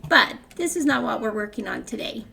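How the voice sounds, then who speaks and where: A woman's voice: fairly high pitch, animated, a little fast, gravelly, pushed and bright, soft background music. An older woman hosting a gaming channel, chatting casually through her gameplay with frequent laughs and rambling restarts.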